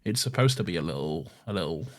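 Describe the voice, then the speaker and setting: A man's voice: sits low, lively intonation, quick pace. A man co-hosting a podcast in casual chat, teasing his co-host and swearing freely.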